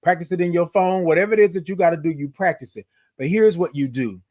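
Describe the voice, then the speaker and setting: A man hosting a morning livestream from his phone, chatting with viewers, reading out their comments and stretching his good-mornings into long singsong calls. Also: on the high side. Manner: animated, drawn-out singsong greetings, reads out viewer comments. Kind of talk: upbeat live-stream chat greeting viewers.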